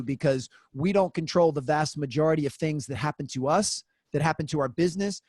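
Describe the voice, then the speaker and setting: A man's voice: on the high side, dry recording. Earnest male guest, dry close sound. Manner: earnest, explanatory, with frequent fillers. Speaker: guest speaker. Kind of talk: conversational interview.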